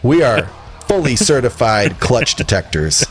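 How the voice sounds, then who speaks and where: A man in casual podcast chat, rambling through a record review with jokes and bursts of laughter. His voice sits at an ordinary middle pitch, and faint music plays underneath. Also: measured pace. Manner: rambling, jokey and animated, laughing at his own lines.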